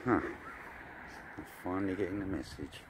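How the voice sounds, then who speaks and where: A man chatting to his dog on a park walk, filming on a phone outdoors, talking casually and breaking into excitable bursts. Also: deep voice, moderate pace. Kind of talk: casual vlog narration. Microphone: phone camera mic. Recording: noisy outdoor phone recording. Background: birds and ducks, outdoor ambience.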